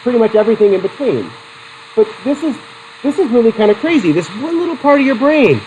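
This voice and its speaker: A middle-aged man with a very high voice races through a psychology lecture, energetically questioning students and weaving in anecdotes. A little hiss or hum runs under the low-quality recording.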